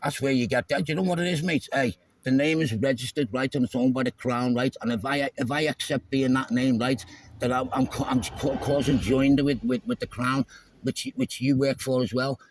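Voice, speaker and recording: A man filming himself in an argument with police, repeating "mate" and often shouting. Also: mid-range voice, steady tone, fairly quick, a little hiss or hum, rough recording. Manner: argumentative, repeats "mate" constantly, stumbles over words. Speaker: self-filming activist. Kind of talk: heated roadside argument. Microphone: handheld phone camera.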